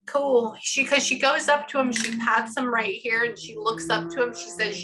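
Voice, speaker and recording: A woman psychic medium on a video call with a client, telling excitedly what she hears in quick quoted bursts. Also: fairly high pitch, noisy background. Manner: animated, breathless storytelling with many quotes. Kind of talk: reading for a client.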